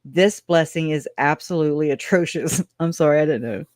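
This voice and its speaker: A woman's voice: deep voice, brisk, darkish tone, no room sound, clean studio sound. A woman hosting a true-crime livestream, reading case notes aloud in a casual, chatty way with sarcastic asides and slang. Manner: chatty and sarcastic, with frequent laughs; informal slang, says y'all.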